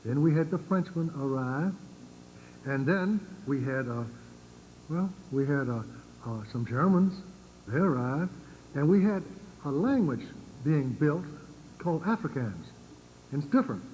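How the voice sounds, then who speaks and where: An older man with a Virginian accent giving an informal lecture to a congregation, halting and full of fillers and repeated words. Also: fairly high pitch, lively intonation, darkish tone, a little hiss or hum, rough recording. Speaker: church speaker.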